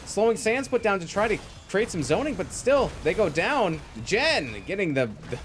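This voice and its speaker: A man delivers live play-by-play for a video game match, his voice sitting fairly high and swinging widely in pitch. He reacts to every fight with energy and chatty asides. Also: faint music behind. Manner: energetic, quick reactions, thanks viewers. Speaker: esports caster.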